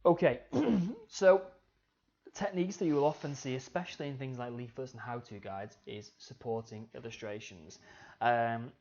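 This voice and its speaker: A man's voice: mid-range voice, normal speed. A man teaching a media studies lesson over slides, talking straight to his students and saying "okay" again and again. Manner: relaxed, says "okay" often, talks to students directly. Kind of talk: recorded slide lecture. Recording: slightly dull lo-fi audio.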